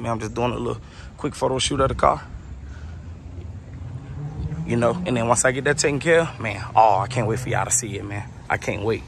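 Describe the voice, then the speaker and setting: A man filming a casual car vlog outdoors, excited and a little out of breath, often repeating himself. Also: medium pitch. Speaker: car vlogger. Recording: noisy outdoor camera audio. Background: loud car engine and street noise.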